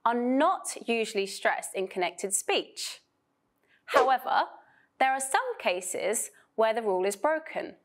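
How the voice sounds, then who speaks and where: A woman from Vietnam giving a scripted pronunciation lesson for students, speaking slowly and clearly with careful emphasis. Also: mid-range voice. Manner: slow, clear, emphatic teaching delivery. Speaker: pronunciation teacher.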